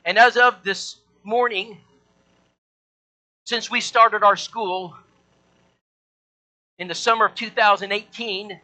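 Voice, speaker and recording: A man's voice: sits high, pushed and bright, low-quality recording. A male preacher delivering a sermon in an emphatic, repetitive, rallying way.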